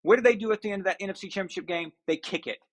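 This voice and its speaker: High-voiced man ranting about football. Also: rapid-fire. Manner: ranting, sarcastic, mocking impressions. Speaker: show host. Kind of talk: opinionated sports talk.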